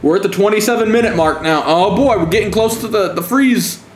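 A man's voice: sits high, brisk, reverberant, slight background noise. A man giving profane, sarcastic commentary while streaming a game, taunting opponents with mock-scared calls. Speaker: gaming streamer.

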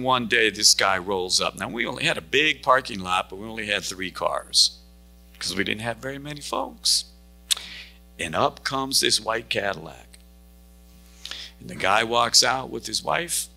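A male pastor preaching in a church, swinging his voice up and down as he tells a story and acts out each person in it. His tone has a gravelly, husky grain, and it sits low yet cuts through brightly. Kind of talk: sermon. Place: church sanctuary.

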